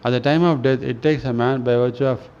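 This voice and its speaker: A man reading spiritual scripture aloud in a slow, halting way, often restarting words and clearing his throat. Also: medium pitch, fairly even intonation, a little mellow. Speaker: reader of a spiritual newsletter. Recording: dull lo-fi recording with faint noise.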